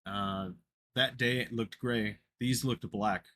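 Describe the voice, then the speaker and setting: A man's voice: mid-range voice, steady tone, slow, pushed and bright. A man casually reading a horror story aloud on a podcast, often tripping over words and correcting himself. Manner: stumbling, self-correcting reading. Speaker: podcast co-host reading a creepypasta.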